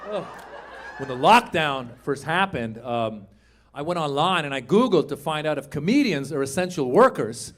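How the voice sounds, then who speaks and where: Animated high-voiced male stand-up comic. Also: fairly quick, slight background noise. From Iran. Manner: animated, shouting punchlines to the crowd. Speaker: stand-up comedian. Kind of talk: stand-up comedy set. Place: comedy club stage with live audience.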